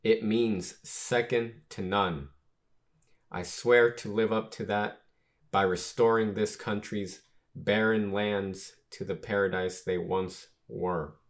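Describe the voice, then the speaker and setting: A young ruler speaks in formal, measured tones, as a man reads his lines aloud. The voice is low and deep, and it moves at an unhurried pace. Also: fairly even intonation. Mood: solemn. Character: young male ruler giving a solemn proclamation.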